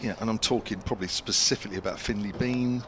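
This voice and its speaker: A man's voice: lowish voice, steady tone, fast talker, background noise. A man commentating live on a cricket match from the ground, chatty and full of asides to his co-commentator.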